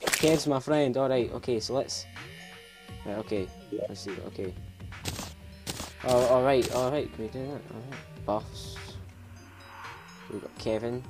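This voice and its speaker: A man's voice: medium pitch, measured pace, pauses often, over music. A young Scottish man giving casual, rambling commentary on a video game, self-mocking, laughing often and swearing freely. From Scotland. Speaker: let's play host.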